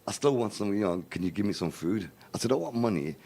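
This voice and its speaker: Deep-voiced man telling his story. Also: fast, gravelly. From Birmingham, England. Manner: animated storyteller, acts out quoted dialogue, repeats "right, in here". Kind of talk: personal story on a live charity appeal.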